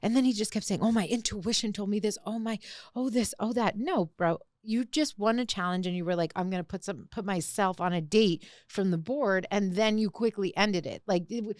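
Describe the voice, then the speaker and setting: A woman's voice: medium pitch, brisk, no room sound, studio quality. Chatty young woman recapping reality TV. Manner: animated recapping, heavy use of "like". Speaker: podcast co-host. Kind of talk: casual chat.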